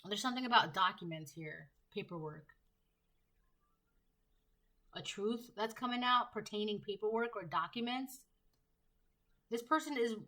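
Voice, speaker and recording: A tarot reader with a medium-pitched, sharp-toned voice gives a collective reading on a rough recording. She speaks emphatically, stacking up one repeated rhetorical question after another.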